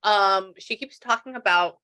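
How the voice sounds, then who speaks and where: A woman's voice: medium pitch, measured pace, pushed and bright. A woman, a spiritual medium chatting through a reading and relaying messages with lots of quoted asides. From Texas. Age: 60s.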